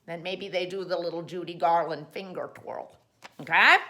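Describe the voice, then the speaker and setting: A woman's voice: on the low side, fairly even intonation, normal speed, sharp tone. A woman hosting a comic how-to show, playful and rambling, full of jokey asides. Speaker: host.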